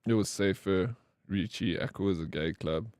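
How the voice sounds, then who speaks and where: A man streaming a game live tells casual stories laced with slang and profanity, acting out the people in them in an animated way. His voice sits low, his pace is moderate, and there's no room sound.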